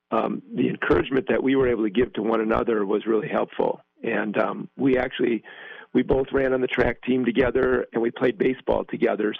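Gravelly man on a tinny phone line. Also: medium pitch, dry recording. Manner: earnest, hesitant, many fillers. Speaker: guest. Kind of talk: conversational interview.

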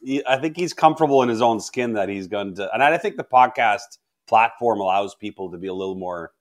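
A man reporting hockey insider news on a podcast, measured and confiding, often restarting his sentences. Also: fairly low pitch, expressive. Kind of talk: casual sports podcast chat.

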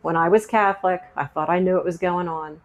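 A middle-aged woman recounts her story to interviewers in a casual, chatty way. Her voice sits a little low for a woman, and she brings the conversations she remembers to life as she tells them. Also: brisk. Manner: chatty, animated retelling with quoted dialogue. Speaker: guest sharing her testimony.

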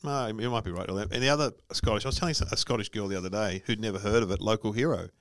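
A man's voice: fairly low pitch, rapid-fire, dry recording. A man in casual chat who repeats himself and trails off mid-sentence.

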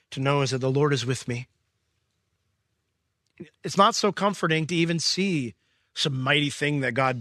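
A man preaching a sermon as pastor, reading scripture and paraphrasing it in casual slang, swinging from excited peaks to low, quiet stretches. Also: dry recording, studio quality. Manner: emphatic, rising to excited peaks then dropping low.

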